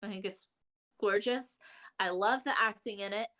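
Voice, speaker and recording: A woman co-hosts a casual podcast from home as part of a remote live show during lockdown. At a moderate pace, she tells stories animatedly, laughing often, with big swings in her voice's pitch.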